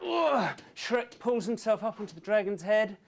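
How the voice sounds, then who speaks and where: A man narrating a storyboard pitch, lively and full of sound effects. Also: normal speed. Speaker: story artist.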